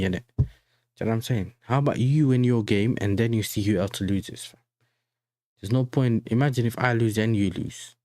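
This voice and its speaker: Chatting loosely to his stream viewers, a young football fan channel host speaks a little low with a dark tone, reacting casually and packing in slang. He keeps checking in with the chat, repeatedly saying "you know what I'm saying." The recording is close and dry, with no room sound.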